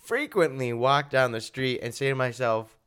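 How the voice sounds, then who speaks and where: A man's voice: medium pitch, normal speed, fairly bright tone, clean tone. A man co-hosting an improvised comedy interview, asking questions with a dry, mock-serious manner. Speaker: comedy show co-host.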